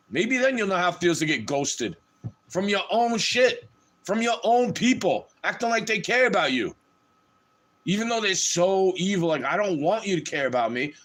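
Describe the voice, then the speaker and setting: A man with a high voice holds forth on a livestream in a heated, swearing rant. His pitch climbs and plunges widely as he talks, so the delivery sounds restless and agitated throughout. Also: fairly bright tone. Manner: heated, profane, ranting.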